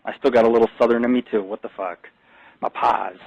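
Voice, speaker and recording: A man's voice: medium pitch, fairly even intonation, quick pace, gravelly, no room sound, dull audio. A middle-aged man hosting a live internet radio talk show, ranting and boasting in crude, profane language.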